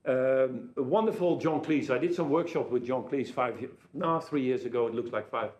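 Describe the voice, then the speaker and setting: A man's voice: mid-range voice, moderate pace, a little mellow, echoey room. A jet-lagged man giving a conference keynote over a telepresence link, telling anecdotes and jokes. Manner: anecdotal, joking storyteller. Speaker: keynote speaker.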